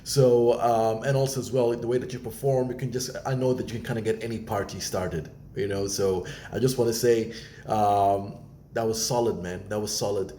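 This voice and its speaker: A man's voice: lowish voice, little pitch movement, moderate pace, dark tone, a little hiss or hum. Rambling male judge in an echoey room. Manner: rambling, many "you know"s. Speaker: talent show judge. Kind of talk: judge feedback.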